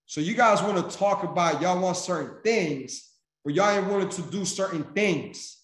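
A man's voice: sits high, normal speed. A man giving a motivational speech to his sales team, emphatic and preachy. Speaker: senior vice president and sales mentor. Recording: echoey room.

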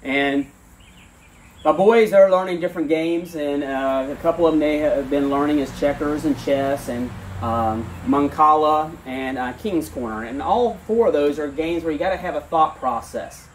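A man with a slightly high voice preaches at an outdoor church service. He reads scripture in an earnest way, then talks plainly and relaxed, with fillers and restarts now and then. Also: moderate pace, far from the mic, a little hiss or hum. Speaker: pastor. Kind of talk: sermon with scripture reading.

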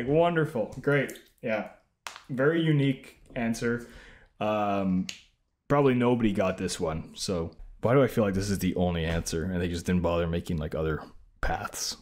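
A young male streamer with a lowish voice that swings all over the place. He reacts with sarcastic disbelief, talking casually to his chat. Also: darkish tone. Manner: sarcastic, incredulous, lots of laughing asides.

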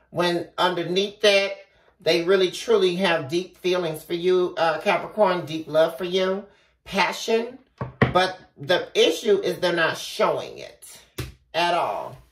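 A woman giving a casual tarot reading, talking straight to the viewer in an animated way and swearing freely. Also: on the low side. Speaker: tarot reader. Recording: echoey room from far off, faint noise.

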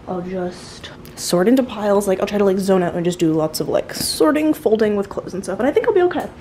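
A woman's voice: mid-range voice, lively intonation, brisk, dark tone, low-quality recording. A bubbly young woman chatting to her phone camera in a casual vlog. Her talk is loose and full of filler words. Noticeable noise sits under the recording. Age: young adult. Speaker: vlogger.

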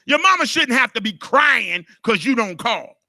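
A man's voice: very high-pitched, very animated, moderate pace, creaky, sharp tone, dry recording, studio quality. A middle-aged man preaching a sermon as a pastor, emotional and impassioned.

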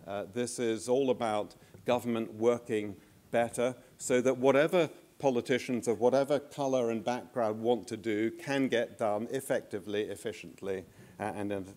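A former government minister delivers a conference speech, measured and full of anecdotes, pausing and hesitating frequently. He's an older man with a medium-pitched, darkish voice.

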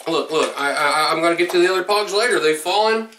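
A man opening a box of gifts on camera, excitable and swearing often, his voice jumping up when something thrills him. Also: a little high, fairly quick, few pauses, reverberant, far from the mic, a little hiss or hum. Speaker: vlogger opening a fan mail box. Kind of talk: excited unboxing vlog.

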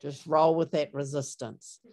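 A woman's voice: low voice, little pitch movement, unhurried, mellow. A middle-aged woman gives a training talk over a video call, chatty, with many fillers, and acts out sample replies. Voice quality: conversational, filler-heavy, acts out example replies. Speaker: workshop trainer.

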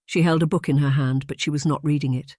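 A man narrating a novel in a measured, even reading. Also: on the high side, no echo, studio quality. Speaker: audiobook narrator. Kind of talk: scripted narration.

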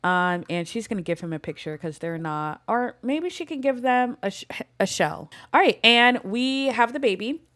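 A woman's voice: a little high, animated, normal speed, few pauses, fairly bright tone. A young woman giving chatty, casual commentary over a life-simulation game, with plenty of "like" and "um". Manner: chatty, fills talk with "like" and "um". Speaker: gameplay commentator. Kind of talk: casual let's-play commentary.

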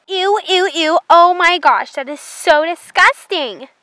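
A woman voicing a fussy, excitable young city girl on a trail ride, in a toy horse drama. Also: high-pitched, moderate pace, no room sound. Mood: whiny. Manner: whiny, excitable.

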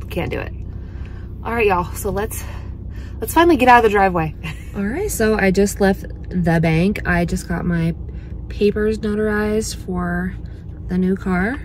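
A woman's voice: medium pitch, slight background noise. Chatty, blunt woman vlogging her day. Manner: chatty, blunt, swears freely. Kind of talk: casual day-in-my-life vlog.

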